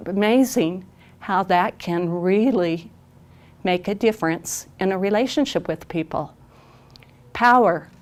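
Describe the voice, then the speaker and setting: A woman parent consultant giving an advocacy training presentation on camera. She talks earnestly and emphatically and often repeats phrases for stress. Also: mid-range voice. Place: recorded on camera.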